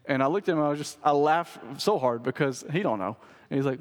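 A man's voice: on the high side, fast talker. A man, a pastor preaching a sermon in a conversational, storytelling way. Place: church sanctuary. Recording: long church hall reverb.

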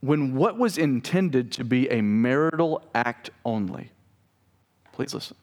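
A man's voice: mid-range voice, lively intonation, unhurried, a little mellow. Man preaching in a reverberant hall. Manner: conversational preaching with asides to the congregation. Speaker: pastor. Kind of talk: sermon.

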